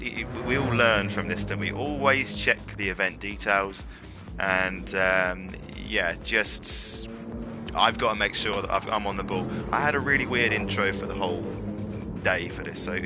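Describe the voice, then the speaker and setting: A man's voice: on the low side, normal speed. A man commentating a video game race on his stream, upbeat and chatty, using casual slang. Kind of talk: live racing commentary and casual chat. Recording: game music playing behind the voice. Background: game music.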